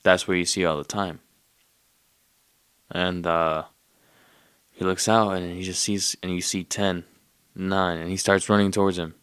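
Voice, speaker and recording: A man's voice: sits low, steady tone, a little slow, long pauses, fairly bright tone, clear, resonant tone, dry recording, studio quality. A man casually retelling a movie plot in a rambling, profane way, with streetwise slang. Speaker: podcast host.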